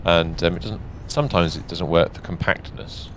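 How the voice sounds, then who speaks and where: A man's voice: sits low, normal speed, a bit bright, slight background noise. A man hosting a game livestream, chatting casually and thinking aloud while he builds. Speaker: streamer host. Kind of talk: casual gaming chat.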